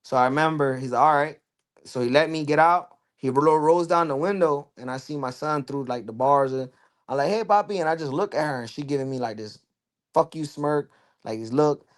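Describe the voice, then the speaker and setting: At a normal speed and on the high side, a young man guesting on a podcast candidly recounts his own experiences. His loose storytelling is full of "you know" and "bro".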